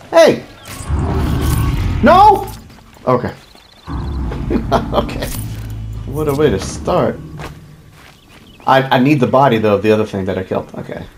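A man giving gameplay commentary, swearing, yelling at enemies and repeating words in rapid bursts. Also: mid-range voice. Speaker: gaming channel host. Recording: game music behind the voice.

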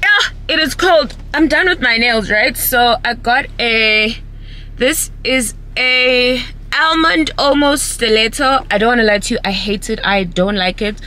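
A young South African woman chatting casually in a vlog, ranting with lively energy. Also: on the high side, a little slow. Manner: animated, ranting, switches between English and isiZulu. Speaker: vlogger.

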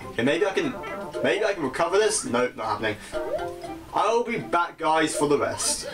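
A young British man chatting casually as he plays a video game, self-mocking and quick to laugh at his own slips. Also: fairly high pitch, big pitch swings. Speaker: gaming channel host. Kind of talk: casual let's-play commentary. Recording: game music playing behind the voice.

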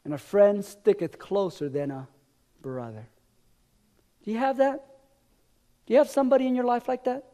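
A middle-aged man from America, a pastor preaching a sermon from the stage, telling stories and letting his voice fall low and soft at the ends of lines. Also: normal speed, long pauses. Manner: storytelling, dropping low and soft at line ends. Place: church. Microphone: live-streamed stage mic.

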